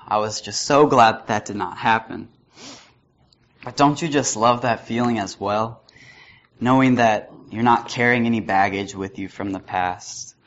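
A man's voice: lowish voice, a bit bright. A young man giving a sermon, telling a personal story with chuckles before turning to the lesson. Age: young adult. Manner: storytelling, chuckling at his own anecdotes. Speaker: student preacher. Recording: slightly muffled with faint noise.

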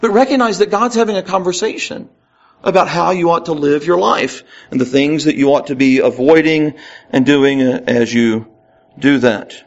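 Slightly high-voiced man teaching scripture. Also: moderate pace, dull audio. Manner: reads scripture aloud with rising emphasis, conversational asides. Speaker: pastor. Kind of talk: Bible teaching sermon.

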